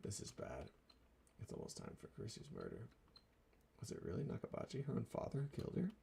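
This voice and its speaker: A man reading a visual novel's narration aloud in a measured, subdued way. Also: medium pitch, huge pitch swings, vocal fry, warm tone, slight background noise.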